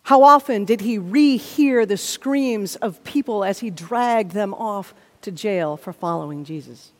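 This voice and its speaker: A woman's voice: mid-range voice, a little slow. A woman preaching a sermon, reading scripture and then speaking earnestly, building to emphatic intensity. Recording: long reverb of a large hall.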